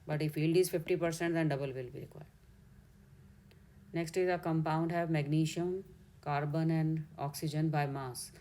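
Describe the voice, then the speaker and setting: Indian woman, chemistry tutor, low voice, methodical step-by-step explaining. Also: fairly even intonation, moderate pace, dark tone. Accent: Indian English. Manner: step-by-step explaining, corrects herself mid-way. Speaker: chemistry teacher. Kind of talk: exam solution walkthrough.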